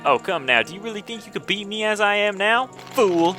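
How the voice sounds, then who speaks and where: Amateur male voicing a smug, taunting imp, pitched up with lively swoops. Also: a little fast, faint music behind. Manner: sneering, mocking taunts.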